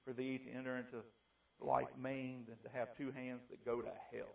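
A man preaching a fiery sermon, moving between quiet pleading and loud shouting. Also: medium pitch, flat delivery, normal speed, creaky, few pauses. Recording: distant, dull lo-fi mic.

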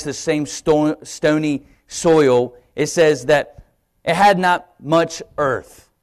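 On a church livestream from the sanctuary, a young man with a somewhat high voice preaches a sermon. He tells a personal story, shifting his voice animatedly as he acts out his own thoughts.

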